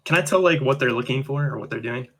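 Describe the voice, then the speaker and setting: Guy player at a d&d table, punchy tense voice, kinda raspy. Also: mid-range voice, quick pace, a bit bright. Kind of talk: tabletop game play.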